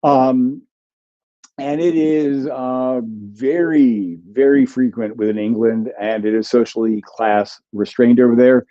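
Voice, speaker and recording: In a muffled recording, a man with a medium-pitched, steady voice talks slowly. He's a linguist and author guesting on a livestream, explaining his answers to viewer questions with lots of ums and restarts.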